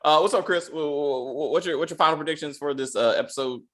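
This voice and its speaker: A man hosting a casual TV recap chat, animated and profane, breaking into mock voices of characters. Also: on the high side, quick pace. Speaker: podcast host.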